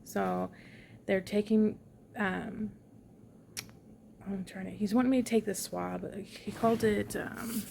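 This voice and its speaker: Young woman filming from her hospital bed, flat gravelly voice, tired and a bit grouchy, lots of ums, faint hum behind her. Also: medium pitch, takes it slowly, long pauses. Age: young adult. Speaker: vlogger. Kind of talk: casual hospital update vlog. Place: hospital room.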